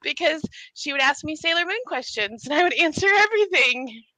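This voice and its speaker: A woman telling a story on a casual stream, animated and acting out quotes with frequent laughs. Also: high-pitched, a little fast, no echo, poor audio.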